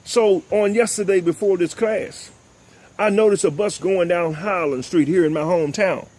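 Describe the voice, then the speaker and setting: An older man, hosting a talk show and delivering impassioned, preachy commentary, often repeating "ladies and gentlemen.". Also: sits high, steady tone, normal speed. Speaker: host.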